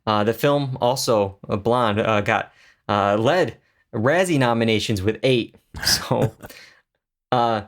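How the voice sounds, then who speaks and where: A man's voice: mid-range voice, slow pace. A man co-hosting a podcast in casual chat, jokey and chatty with many fillers. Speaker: podcast co-host.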